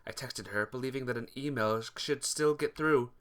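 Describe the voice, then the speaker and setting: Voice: medium pitch, moderate pace, a bit bright. A streamer reading a visual novel aloud, greeting viewers between lines. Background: guitar music.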